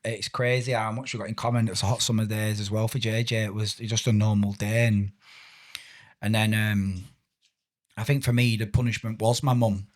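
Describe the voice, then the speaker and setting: A man's voice: on the low side, level tone, moderate pace. A man hosting a podcast, talking in a chatty, rambling way and stumbling over his words. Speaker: podcast host. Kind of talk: casual podcast conversation.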